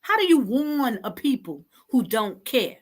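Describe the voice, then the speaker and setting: A woman's voice: a little high, big pitch swings, unhurried. A woman hosting an online talk show, scolding her listeners in an impassioned, exasperated and repetitive way.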